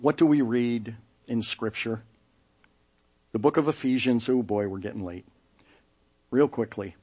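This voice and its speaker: A middle-aged man preaching a sermon as pastor, telling stories in an animated way and acting out the people he quotes. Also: mid-range voice, a little slow, slightly rough. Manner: animated storytelling, acting out quoted voices with laughs.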